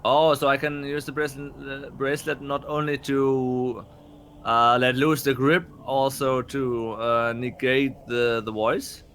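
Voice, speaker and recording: A man playing a tabletop role-playing game, thinking aloud in halting phrases full of fillers and restarts. His voice is mid-pitched and bright, with faint noise in the background. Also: level tone. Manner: hesitant, halting, many fillers. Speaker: player. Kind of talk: casual tabletop game play.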